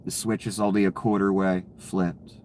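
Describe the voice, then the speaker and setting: A man's voice: low voice, flat delivery, normal speed, a little mellow, a little hiss or hum. Sarcastic ranting man. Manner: ranting, sarcastic, laughs at his own jokes. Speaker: political commentator. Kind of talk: casual profane commentary.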